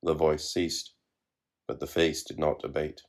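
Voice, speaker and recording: A man narrating literary fiction in a measured, wry reading. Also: a bass voice, level tone.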